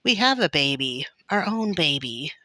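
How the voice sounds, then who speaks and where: A woman's voice: low-pitched, big pitch swings, a little slow, bright, forceful tone, no room sound, exaggerated voice. A woman voicing a prim pioneer mother who scolds in shocked disbelief. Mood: exasperated. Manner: scolding, exclaiming.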